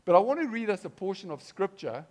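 Man, pastor mid-sermon, slightly high voice, punchy swings from loud to hushed, quizzes the flock. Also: big pitch swings, fast talker. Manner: dynamic, swings between loud and hushed, keeps asking the congregation questions. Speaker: preacher.

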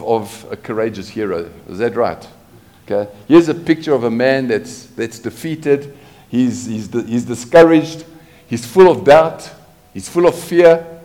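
A man's voice: fairly high pitch, a little mellow. A man preaching a sermon, asking his congregation rhetorical questions as he goes. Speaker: pastor.

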